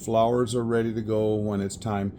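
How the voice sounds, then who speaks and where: At his home craft bench, with a camera on a tripod, a man chats casually through a resin pour in a lowish, level, dark voice at a moderate pace. He rambles, corrects himself and chuckles at his own slips, and there's a little hiss or hum.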